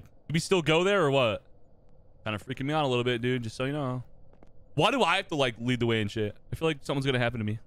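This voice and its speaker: A man's voice: mid-range voice, lively intonation, fast, a bit bright, smooth, dry recording. A young man giving profane, jokey reactions while commentating a horror game. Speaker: gaming YouTuber.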